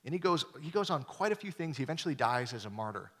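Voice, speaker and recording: A young man preaching a sermon as a pastor, casual and lively, with slang asides and quoted lines acted out. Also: fairly high pitch, quick pace. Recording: long hall reverb.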